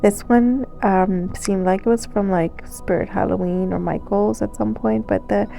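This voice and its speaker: A woman narrates a shopping vlog in a chatty, relaxed voice-over, her nose a little stuffy. Her voice is warm and a touch gravelly. Soft music plays underneath. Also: medium pitch, unhurried. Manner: chatty, relaxed, with fillers and small laughs. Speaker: thrift vlogger. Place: recorded voice-over.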